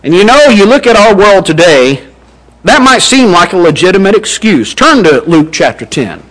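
Male preacher, high-pitched, earnest Sunday-morning sermon delivery. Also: sing-song, moderate pace, a bit bright, poor audio.

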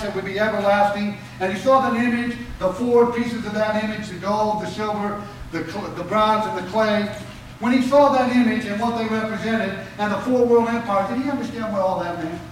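A high-pitched man preaching a sermon, his voice heard from a distance in a very echoey hall. He fires questions at the congregation and answers them himself with emphatic rises and drops. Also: a little fast, fairly bright tone, a little hiss or hum.

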